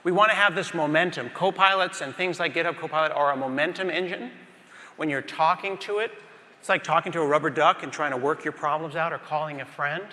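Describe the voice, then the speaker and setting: A middle-aged man with a higher voice delivers a conference keynote at a fairly quick clip from a big stage. His storytelling is animated, with scenes acted out and lines aimed straight at the audience, all echoing through a reverberant hall.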